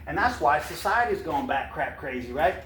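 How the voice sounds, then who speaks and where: A man talks in a slightly higher register. He is blunt, folksy and quick to get fired up, and he moves between reading passages aloud and ranting off the cuff. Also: lively intonation, a bit bright, slight background noise. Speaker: podcast host reading a book aloud. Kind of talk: casual commentary mixed with reading aloud.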